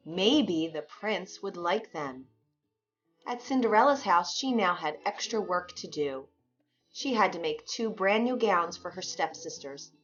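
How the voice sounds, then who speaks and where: A woman tells a fairy tale in clear, expressive scripted narration. Her voice sits at a middle pitch, and the sound is dull and lo-fi with soft music beneath. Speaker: storyteller.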